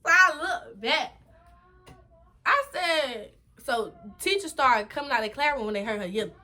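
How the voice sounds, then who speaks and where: A young woman with a New York accent, casually telling a storytime in an animated, chatty, slangy way. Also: moderate pace. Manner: animated, chatty, slangy retelling with repeated "boom". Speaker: vlogger.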